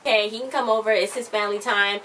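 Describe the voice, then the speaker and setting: A woman in casual chat, animatedly recapping a TV episode and acting out the characters in a lower voice. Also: fairly even intonation, fast. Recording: distant mic with faint background noise.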